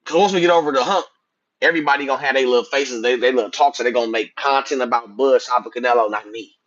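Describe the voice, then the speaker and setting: A man, profanely ranting about boxing to his livestream chat, swinging between loud outbursts and muttered asides. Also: medium pitch, fast talker. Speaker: boxing commentator streaming to chat. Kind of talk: casual livestream rant. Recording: dull lo-fi stream audio.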